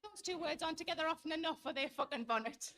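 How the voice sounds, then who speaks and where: A woman's voice: high-pitched, fast, a bit bright. A woman in her thirties doing a blunt, sweary stand-up comedy routine on stage, telling stories to an audience.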